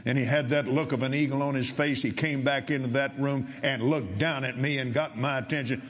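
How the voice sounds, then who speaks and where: An older man preaching, telling a story in a halting way with repeated words, then rising to loud, emphatic preaching. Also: medium pitch, steady tone. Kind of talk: sermon storytelling.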